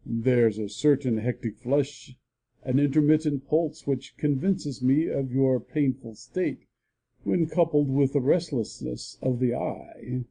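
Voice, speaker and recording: A man's voice: mid-range voice, slow, gravelly, mellow, slightly rough, full character voice. A man voicing a country doctor who teases with mock seriousness in a full-cast audiobook. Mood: dryly teasing. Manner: dry mock-serious teasing. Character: joking, grave older country doctor.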